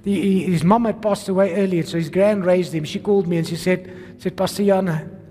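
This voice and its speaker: A South African man, a pastor, preaching an energetic sermon full of rhetorical questions and calls to the congregation. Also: sits high, a little fast. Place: church. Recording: long reverb of a church hall.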